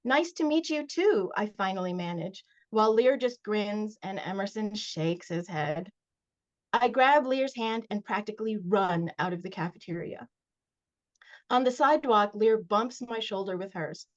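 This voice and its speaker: A woman author reading aloud from her middle-grade novel at a virtual launch event, expressive in the first person, with short casual recaps. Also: mid-range voice, unhurried. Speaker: children's book author. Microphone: video call. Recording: dull lo-fi video call audio.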